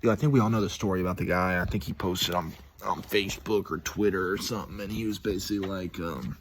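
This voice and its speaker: A man's voice: sits low, fairly even intonation, fast, few pauses, a little hiss or hum. A young man talking casually to his viewers in a rambling, slangy vlog monologue, full of fillers and calling people "dude". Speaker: vlogger.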